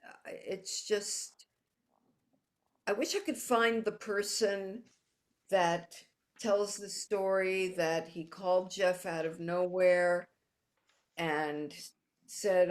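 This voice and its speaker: Slow-speaking emphatic woman guest. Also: fairly low pitch, fairly even intonation. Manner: emphatic, repeats words for stress. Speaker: author guest. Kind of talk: casual interview chat.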